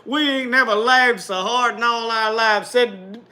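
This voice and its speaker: A man's voice: extremely high pitch, measured pace, pushed and bright. A man telling a folksy tall tale in rural dialect, chuckling at his own story as he goes.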